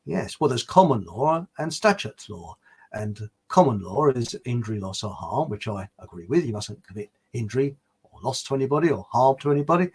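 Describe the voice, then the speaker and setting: A man's voice: medium pitch, slightly rough. A man hosting a live stream, chatting casually and rambling as he answers viewers, chuckling often.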